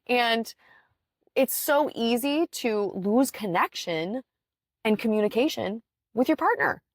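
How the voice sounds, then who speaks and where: A woman's voice: fairly high pitch, expressive, slow pace, dry recording, clean studio sound. Chatty, earnest woman podcast host. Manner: chatty and rambling, with frequent "like" and sighs; earnest, encouraging tone toward listeners. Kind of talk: casual solo podcast chat.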